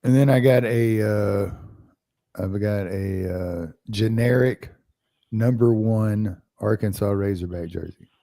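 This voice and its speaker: Gravelly-voiced joking man. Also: lowish voice, takes it slowly, dark tone, dry recording, studio quality. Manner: joking, laughs often. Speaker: podcast co-host. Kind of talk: casual chat.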